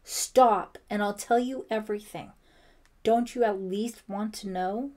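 A woman's voice: mid-range voice, slow, darkish tone, lightly acted. A woman voicing a desperate young man in an audiobook, pleading and tense. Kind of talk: audiobook character voice.

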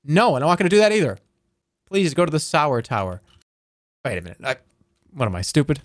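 A man streaming a game, chatting casually and joking as he reacts out loud to what happens. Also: fairly high pitch, very animated, normal speed, pauses often, no room sound, clean studio sound. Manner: playful, jokey, reacts out loud, swears. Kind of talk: casual live-stream gameplay commentary.

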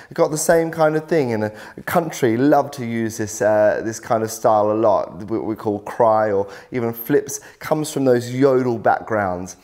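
A male vocal coach teaches singing in an instructional video workshop, explaining things encouragingly and saying "lovely" and "little" a lot. His mid-range, expressive voice is a little mellow and flows at normal speed with few pauses.

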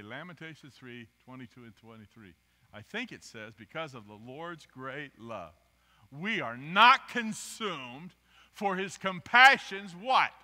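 Bright-voiced preacher in a reverberant church. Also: male voice, medium pitch. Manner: animated, interactive with the congregation, asks for raised hands; swings from quiet asides to loud emphatic bursts. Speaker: guest preacher. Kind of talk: sermon. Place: church sanctuary. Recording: long reverb of a church hall.

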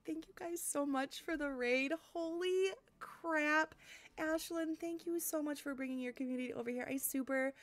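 A woman's voice: high voice, steady tone, moderate pace, no room sound. Bubbly giggling woman streamer. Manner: bubbly, giggly, thanking viewers warmly. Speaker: game streamer. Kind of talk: casual live-stream chat. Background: faint lo-fi music.

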